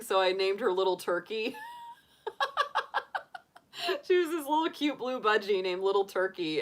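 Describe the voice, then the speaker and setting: A middle-aged woman with a mid-range, slightly bright voice hosts a tarot reading livestream, chatting casually as she answers live viewers. She's giggly and rambling, with lots of laughs and restarts.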